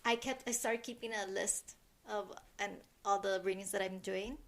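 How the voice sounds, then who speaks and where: Middle-aged woman, podcast co-host, gravelly, soft and halting. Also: mid-range voice, fairly even intonation. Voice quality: soft, halting, many restarts. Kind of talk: casual chat.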